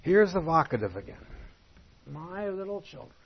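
Husky male Bible teacher, conversational. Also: fairly high pitch, sing-song, lo-fi sound. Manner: conversational, rhetorical questions, reads scripture aloud slowly.

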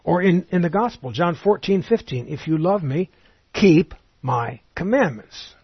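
Guy teaching bible verses, kinda husky, a bit high, muffled lo-fi sound. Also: animated, no echo. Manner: measured, explanatory, reads scripture aloud.

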